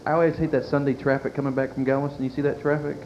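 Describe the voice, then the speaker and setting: A man's voice: mid-range voice, flat delivery, very fast, darkish tone. A male comedian, doing a crude, self-mocking stand-up routine and talking to the club crowd. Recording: dull lo-fi 1990s club tape. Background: audience laughter and faint room noise.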